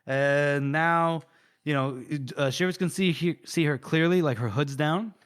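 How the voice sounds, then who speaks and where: A man's voice: a little high, clean tone. Man recapping a book scene. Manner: animated retelling with quick character quotes, many fillers. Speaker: podcast co-host. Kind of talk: casual book-discussion chat, retelling scenes.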